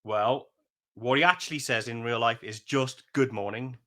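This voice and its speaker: A man's voice: mid-range voice, normal speed, bright, forceful tone. A man co-hosting a podcast, chatting casually and rambling through retellings with frequent laughs. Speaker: podcast co-host. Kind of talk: casual chat.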